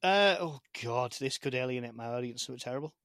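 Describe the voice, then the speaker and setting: A man with a strong British accent chats as a podcast guest over a video call. He rambles, restarts sentences and repeats words as he thinks aloud. His voice sits at a middle pitch and sounds dry, with no room around it. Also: animated, fast talker, gravelly, fairly bright tone, no room sound. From Britain. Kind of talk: casual chat.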